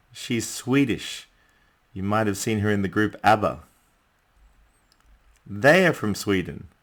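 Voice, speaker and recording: A man teaching a beginner English lesson, speaking deliberately and adding small friendly asides. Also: on the low side, fairly bright tone. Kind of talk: beginner language lesson narration.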